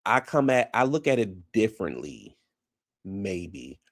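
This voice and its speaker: A man's voice: on the low side, very animated, a little slow, dry recording, clean studio sound. A man casually recapping a reality TV episode, chatty and frank, often trailing off and restarting mid-thought.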